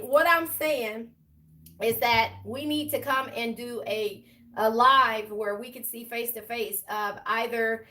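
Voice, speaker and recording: Gravelly, chatty woman tarot reader. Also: a little high, a bit bright, recorded from a distance. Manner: chatty, affectionate, emotional. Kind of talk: casual tarot reading to viewers.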